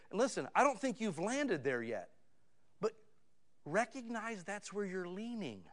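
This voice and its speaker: A man delivers a sermon as a pastor, speaking conversationally. He sinks into quiet asides, then climbs to loud, pleading emphasis.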